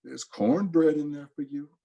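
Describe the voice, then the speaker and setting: A man voicing a desperate poor mother who coaxes her child in a strangely quiet, soothing way. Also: on the high side, unhurried, creaky, dull audio, pitched above the performer's own voice. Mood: coaxing. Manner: coaxing, quiet.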